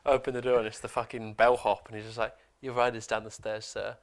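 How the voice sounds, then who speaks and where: A man's voice: on the low side, level tone, fast. A man co-hosting a podcast, telling a story in casual chat with lots of swearing. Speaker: podcast co-host.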